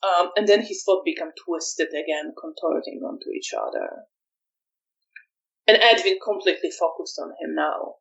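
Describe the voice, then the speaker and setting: A woman narrating a tabletop vampire game as storyteller, measured and hesitant. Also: fairly low pitch, wildly swooping pitch, gravelly, fairly bright tone, recorded from a distance, muffled recording.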